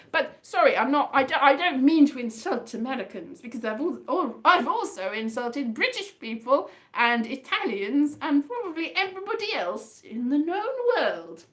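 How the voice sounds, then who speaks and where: A woman's voice: sits high, very animated, normal speed, hardly any pauses, a bit bright. A woman hosting her own online fringe show, rambling chattily and self-mockingly, half singing her talk over a guitar. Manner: chatty, meandering, sing-song, self-mocking.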